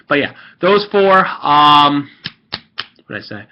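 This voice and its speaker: A man's voice: on the high side, sing-song, slow, muffled recording, a little hiss or hum. A young man ranting in a rambling, salty and profane way as he gives casual commentary on an online game he was playing. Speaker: gaming video creator. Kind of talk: rambling gaming commentary rant.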